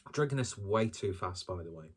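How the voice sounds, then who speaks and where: A man's voice: low voice, lively intonation, fairly quick, breathy edge. A man doing a casual solo beer review, talking in a rambling, hesitant and self-deprecating way.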